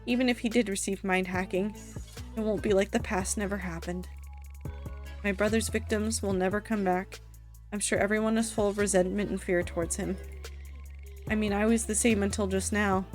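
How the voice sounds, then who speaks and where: A woman voicing a grave young older sister who speaks softly, subdued and earnest. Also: medium pitch, fairly even intonation, moderate pace, faint music behind, close to an everyday voice. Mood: somber.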